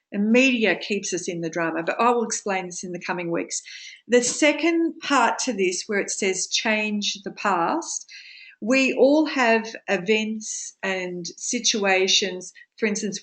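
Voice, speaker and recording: A woman teaching a study group in a webinar, explaining steps slowly with frequent ums. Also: medium pitch, a bit bright. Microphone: webinar microphone.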